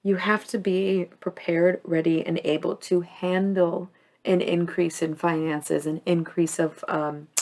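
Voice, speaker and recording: Gravelly-voiced woman reading tarot. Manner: tearful, gushing, swings between calm and sobbing highs. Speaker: tarot reader.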